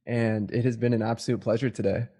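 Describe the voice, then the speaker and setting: A man's voice: mid-range voice, level tone, quick pace, dark tone, husky. Brief: male podcast co-host, earnest and appreciative, everyday mid-range voice. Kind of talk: casual interview chat.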